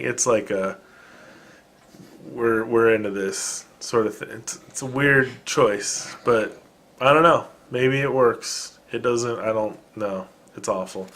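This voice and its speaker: A man's voice: medium pitch, a bit bright. A man hosting a casual solo podcast from home, rambling in a wry, self-deprecating way with many fillers and restarts. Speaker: podcast host. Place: home room with dogs present.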